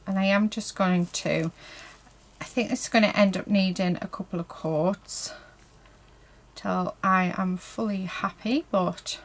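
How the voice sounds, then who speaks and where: A woman's voice: mid-range voice, fairly even intonation, unhurried, low-quality recording. A woman chatting casually while she paints a craft project, talking to herself and her viewers and filling her speech with "so yeah" and "um". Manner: chatty, heavy on fillers like "so yeah" and "um". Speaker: crafting vlogger. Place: indoors at a craft table.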